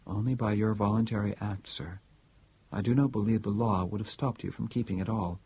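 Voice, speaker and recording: A man reading an audiobook, voicing a polite, calm male household robot who speaks formally and quietly. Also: on the low side, fairly quick, husky.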